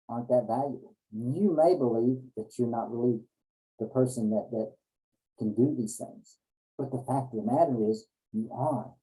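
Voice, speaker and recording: A man's voice: medium pitch, warm tone, poor audio. A man giving an earnest motivational talk, often restarting his phrases as he goes. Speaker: motivational speaker.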